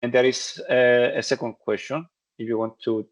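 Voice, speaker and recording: A man moderates a webinar over a video call, reading out questions from the audience. He is polite and pauses often, with plenty of ums. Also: mid-range voice, level tone, rough recording. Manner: hesitant, polite.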